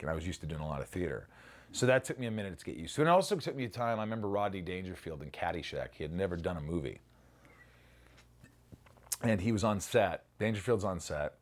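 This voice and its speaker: A middle-aged man reminisces in a relaxed interview, his voice sitting a little low. He tells stories with energy, swears freely and bursts into acted-out lines. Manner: animated storyteller, swears freely, acts out lines. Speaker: actor interviewee.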